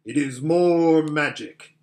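A man voicing a great, noble lion in a storybook reading, with a measured, solemn delivery. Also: fairly high pitch, darkish tone. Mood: calm. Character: great noble male lion, calm and commanding. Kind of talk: audiobook character voice.

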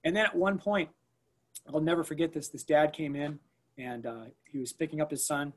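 A man recounting an emergency at school in a conversational interview. He talks in an animated way, with many fillers and restarts, and acts out the things people said. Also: fairly high pitch, normal speed.

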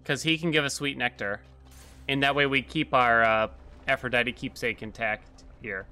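A man's voice: medium pitch, steady tone, normal speed, bright, forceful tone, faint music behind. A man streaming a game, chatting casually and reacting aloud as he plays. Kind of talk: casual gameplay commentary.

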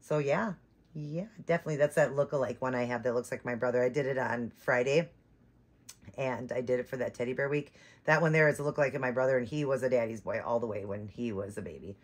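With a bass voice and a fast pace, a woman running her doll-collecting channel talks casually, rambling with plenty of fillers and restarts.

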